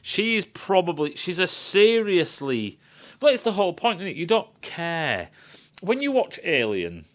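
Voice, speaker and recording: A man giving a profane, animated rant as he critiques a film. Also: high-pitched, a little slow. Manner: animated, swears a lot, acts out quotes. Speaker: film reviewer.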